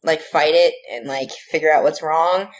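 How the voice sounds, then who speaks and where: A woman guest on a casual podcast, relaxed and wry, talking with lots of "like" fillers. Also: sits low, moderate pace, poor audio.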